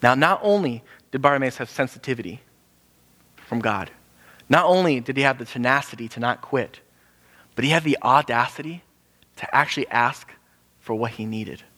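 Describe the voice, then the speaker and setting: Male preacher, animated storyteller who bursts high for quoted voices, hall echo. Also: normal speed, pauses often. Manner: animated, acts out quoted voices with sudden pitch jumps. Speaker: pastor. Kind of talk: sermon. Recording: hall with long reverb.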